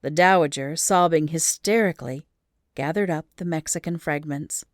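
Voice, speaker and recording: A woman reading an old humorous story aloud as an audiobook, lively and expressive in storytelling. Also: sits low, moderate pace, dry recording, clean studio sound. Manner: lively storytelling with rising emphasis in action scenes. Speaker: audiobook reader.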